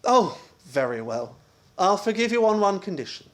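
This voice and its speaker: An actor playing a brash, exasperated husband in an amateur radio play, wisecracking and blustery. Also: male voice, sits high, big pitch swings, moderate pace. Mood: blustering.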